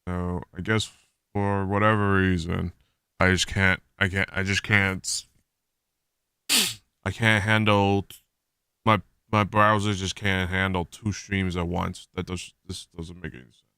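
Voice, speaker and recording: Male streamer, low-ish bright voice, dry close mic, exasperated rambling chat to viewers. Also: level tone, measured pace, clean tone, no room sound. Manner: rambling, restarting sentences, exasperated about tech issues. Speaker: streamer hosting a watch party. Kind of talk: casual live-stream chat.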